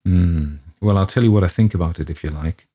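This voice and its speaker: A man voicing a blunt, devoted woman friend, low and husky. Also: brisk, warm tone. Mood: earnest. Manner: blunt, pointed.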